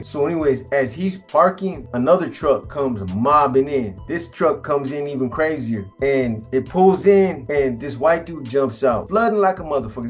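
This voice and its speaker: A middle-aged man with a Californian accent telling a story casually, in blunt street slang, acting out the quoted voices. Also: medium pitch. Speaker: storyteller host.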